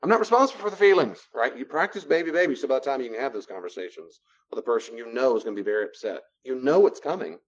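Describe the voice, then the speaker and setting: Speaking very fast and with lots of animation, this medium-pitched man leads a classroom lecture on personal boundaries that includes role-play. His style is conversational, he repeats phrases to stress them, and the audio lacks high frequencies.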